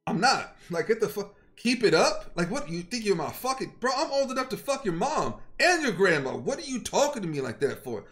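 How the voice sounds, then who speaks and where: A man's voice: sits high, very animated, brisk, few pauses, a bit bright. A man streaming live and telling his chat a story in a heated rant, profane, confrontational and worked up. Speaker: game streamer.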